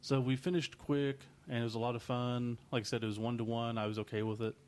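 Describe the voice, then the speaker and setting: An easygoing man co-hosting a podcast in relaxed chat. He recounts stories in an even, middle-pitched voice. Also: quick pace, smooth. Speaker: podcast co-host. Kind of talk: casual chat.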